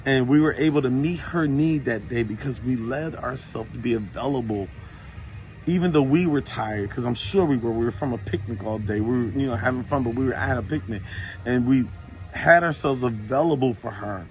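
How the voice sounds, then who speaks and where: A man casually telling true faith stories, informal and lively when he retells what people said. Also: mid-range voice, normal speed, soft background music. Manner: informal, animated when retelling dialogue, many fillers. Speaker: Christian storyteller. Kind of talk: casual testimony to a phone camera.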